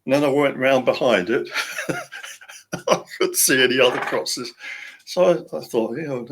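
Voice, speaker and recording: A man's voice: mid-range voice, normal speed, pauses often, fairly bright tone, slight background noise. Chuckling, rambling male author. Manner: rambling, chuckling, frequent restarts. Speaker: author, interview guest. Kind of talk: casual storytelling.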